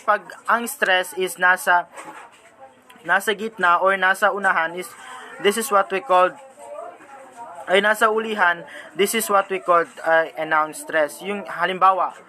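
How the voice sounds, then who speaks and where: A young Filipino man with a Filipino accent gives a halting classroom report, pausing and searching for words as he switches languages mid-sentence. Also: high voice, pushed and bright. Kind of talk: informal classroom explanation.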